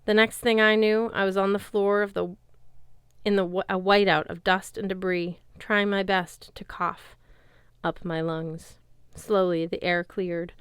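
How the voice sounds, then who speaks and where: A woman reading a fantasy novel aloud as an audiobook narrator, in a lively storytelling way. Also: mid-range voice, unhurried, clean tone, dry recording, clean studio sound. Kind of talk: scripted narration.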